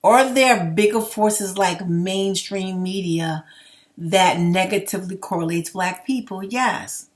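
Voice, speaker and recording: A woman's voice: medium pitch, takes it slowly. Young adult woman, passionate commentary rant, plain-spoken and profane. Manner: blunt, swears, rambling and passionate. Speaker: commentary vlogger. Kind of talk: heated opinion rant to camera.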